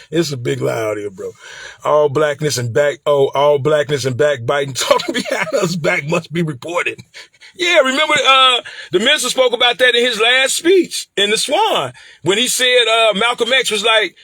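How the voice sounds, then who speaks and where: A middle-aged man from Chicago with a Chicago accent, talking on a livestream in an animated, preachy way and repeating phrases. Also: on the high side, moderate pace, dry recording, clean studio sound. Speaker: livestream commentator. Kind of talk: casual livestream talk.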